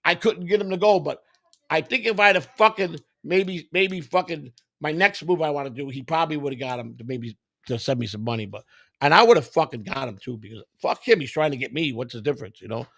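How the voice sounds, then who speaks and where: Gravelly, profane man telling a story. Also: a little high, brisk, no echo, clean studio sound. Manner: profane, animated, acts out other people's voices in quotes. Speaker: podcast host. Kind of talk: crude comedic storytelling.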